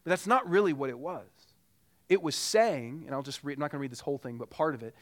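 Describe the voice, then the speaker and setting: Earnest pastor preaching, slightly high voice. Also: male voice, fast. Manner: earnest, with repeated rhetorical questions. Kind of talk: sermon.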